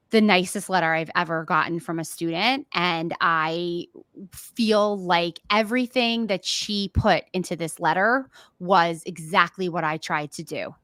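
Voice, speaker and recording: Middle-aged woman, teacher co-host; bright, emotional, chatty delivery, fillers throughout. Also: lowish voice, dry recording. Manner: animated, emotional, many fillers. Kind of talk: casual chat.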